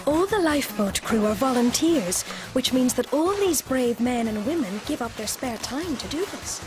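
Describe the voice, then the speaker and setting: Expressive British woman telling a kids' story. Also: high-pitched, normal speed, over music. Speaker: presenter and storyteller. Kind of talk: children's TV storytelling.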